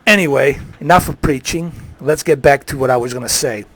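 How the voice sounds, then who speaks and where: Man, live streamer, heated profane rant, mid-pitched, dry close mic. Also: fairly quick, fairly bright tone, no room sound. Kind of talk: ranting live stream monologue.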